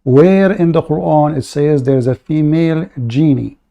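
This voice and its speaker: A man's voice: on the high side, normal speed, creaky, mellow, highs cut off. Mocking, combative male debate host. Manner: mocking, combative, scornful laughter. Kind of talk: confrontational call-in debate.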